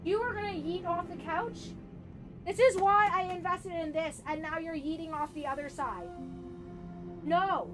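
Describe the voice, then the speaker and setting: A woman streaming a game, chatting casually and excitably, reacting out loud and slipping into soft doting baby talk with her pet. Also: extremely high pitch, a little slow, over music. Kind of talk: casual live-stream chat while gaming.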